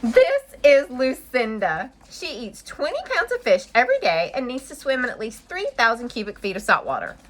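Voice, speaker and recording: A woman voicing a shifty male pet seller in a picture book, pitching odd animals persuasively. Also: huge pitch swings, normal speed, few pauses, a bit bright, slight background noise. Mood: salesy. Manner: persuasive, salesy.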